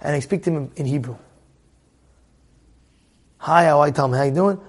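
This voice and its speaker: An American man casually telling a personal story, animated and repeating his phrases as he acts out what people said. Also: on the high side, moderate pace.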